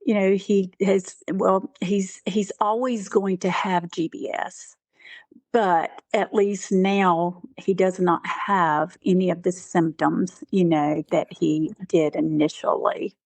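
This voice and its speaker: A woman being interviewed as a caregiver, speaking earnestly and haltingly, with many "you know" fillers. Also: lowish voice, steady tone, darkish tone, no room sound. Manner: earnest, faith-driven. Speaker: guest, caregiver. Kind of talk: conversational interview.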